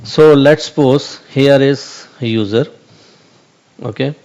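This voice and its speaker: A man's voice: medium pitch, slow pace, a little mellow. Hesitant man explaining at a whiteboard. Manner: hesitant, many fillers and restarts, repeats "okay". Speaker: channel host explaining AI concepts. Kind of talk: whiteboard tutorial, unscripted.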